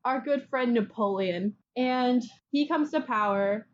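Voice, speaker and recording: A woman hosting a podcast, telling history in a chatty, casual way and acting out people in quick quotes. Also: on the high side, muffled recording, a little hiss or hum. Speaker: podcast host.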